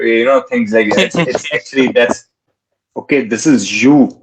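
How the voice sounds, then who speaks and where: A man tutoring in a relaxed way, repeating words slowly and mixing in Hindi phrases. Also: medium pitch, low-quality recording. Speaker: French tutor. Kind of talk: casual teaching.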